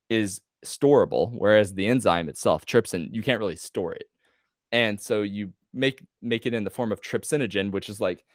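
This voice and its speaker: A man tutoring a student on a video call, explaining loosely with casual slang and quick self-corrections. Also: fairly low pitch, dry recording, clean studio sound. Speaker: medical tutor.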